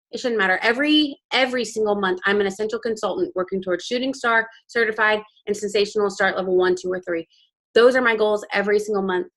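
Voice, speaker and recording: A woman's voice: a little high, a bit bright. A young woman speaking candidly and with emotion to her sales team over a video call, as a motivational guest speaker. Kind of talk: motivational team training talk.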